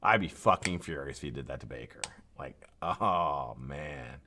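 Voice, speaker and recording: A man's voice: a bass voice, lively intonation, moderate pace, pushed and bright, slight background noise. A tired, yawning man hosting a live stream, rambling casually with frequent swearing and laughter.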